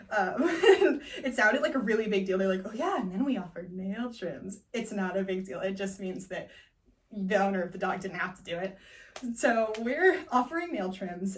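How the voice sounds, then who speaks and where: A young woman from Northern California telling a funny personal story, animated and laughing often as she acts out the people in it. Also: mid-range voice, normal speed, recorded from a distance. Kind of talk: personal storytelling, class assignment.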